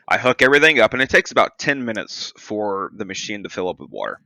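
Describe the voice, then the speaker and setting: A man's voice: fairly low pitch, a little fast, bright, forceful tone. A man co-hosting a podcast, telling a story animatedly, swearing and laughing a lot. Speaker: podcast co-host. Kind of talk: casual chat.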